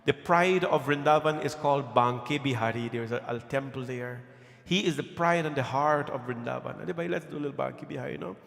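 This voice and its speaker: A man's voice: medium pitch, a little fast, creaky, a bit bright. A man giving a devotional sermon in a temple, telling stories in a folksy, conversational way with repeated phrases. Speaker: preacher leading a scripture reading. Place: temple hall. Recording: echoey temple hall with long reverb.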